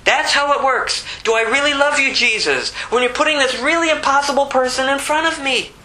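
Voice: high-pitched, fairly quick, sharp tone, poor audio. An American preacher delivering a sermon in an emphatic way, full of rhetorical questions. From United States.

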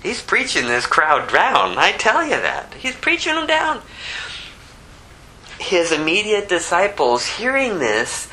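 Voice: mid-range voice, huge pitch swings, slow pace, sharp tone, rough recording. An American preacher delivering a sermon in an emphatic way, full of rhetorical questions. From United States.

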